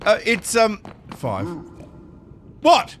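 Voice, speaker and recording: A man giving live gameplay commentary, excitable and talking to himself, often yelping and laughing. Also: high voice, a little slow, slight background noise. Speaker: Minecraft streamer.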